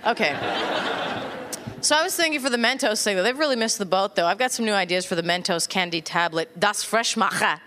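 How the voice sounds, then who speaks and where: Wry woman doing stand-up. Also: mid-range voice. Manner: wry, self-deprecating, animated with quick asides. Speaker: stand-up comedian. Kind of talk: stand-up comedy set. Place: live comedy venue. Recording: live crowd and noise. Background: laughing, applauding audience.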